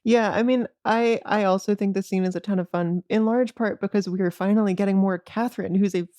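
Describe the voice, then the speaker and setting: A woman co-hosting a casual podcast, quick with jokes and laughter as she talks through an episode. She speaks at a middle pitch for a woman. The recording is close and dry. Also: fairly even intonation, warm tone, dry recording. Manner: giggly, quick reactions, joking. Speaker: podcast co-host. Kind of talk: casual chat recapping a TV episode.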